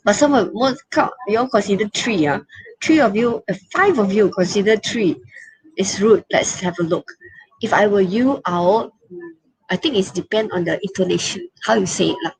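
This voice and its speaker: A woman teacher with a Malaysian English accent runs an online lesson over a video-call mic. Her pitch sits in the middle, and she coaxes and chats with the class as she goes. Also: normal speed, breathy edge, low-quality recording. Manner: coaxing, chatty, uses "lah" and speaks of herself as teacher.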